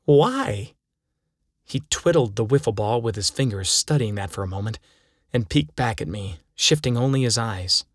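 A man's voice: fairly low pitch, moderate pace, a bit bright, dry recording, clean studio sound. A man narrating his own first-person story, reading it aloud dramatically. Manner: dramatic storytelling with acted quotes.

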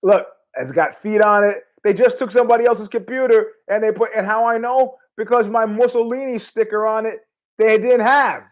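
A man's voice: high voice, moderate pace. A man hosting a podcast in a casual, rambling monologue, swearing and trailing off in asides. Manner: rambling, profane, animated asides. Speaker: podcast host.

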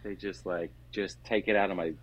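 A man's voice: sits low, fairly even intonation, moderate pace, a loud crowd, poor audio. A man guest on a podcast, chatting casually, swearing and joking with mock voices. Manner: laid-back, swears, jokes with mock voices. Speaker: guest cartoonist. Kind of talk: casual chat.

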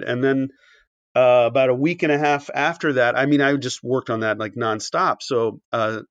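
A man's voice: mid-range voice, no echo. A man telling a long anecdote as a podcast guest, with many fillers and restarts, acting out quoted dialogue. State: briefly choked up. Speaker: podcast guest, author and animation writer. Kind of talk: conversational storytelling. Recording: dull, dry podcast audio.

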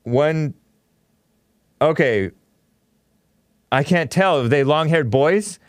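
A man's voice: a little high, expressive, slow, no room sound. A man hosting a talk show, delivering an opinionated, sarcastic monologue and laughing often at his own remarks.

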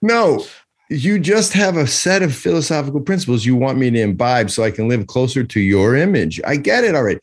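A man co-hosting a podcast, arguing in a joking, animated way and slipping into impressions. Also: mid-range voice, fairly quick. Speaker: podcast co-host. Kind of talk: casual debate chat.

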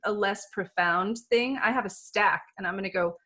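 Chatty lady host going through her book stack, laughs a lot, mid-pitched voice. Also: normal speed, bright, forceful tone. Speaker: podcast host. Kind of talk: casual podcast chat.

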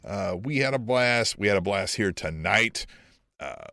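A man's voice: fairly low pitch, lively intonation, unhurried, gravelly, sharp tone, no echo, clean studio sound. A man co-hosting a casual wrestling podcast, laid-back and swearing freely. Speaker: podcast co-host.

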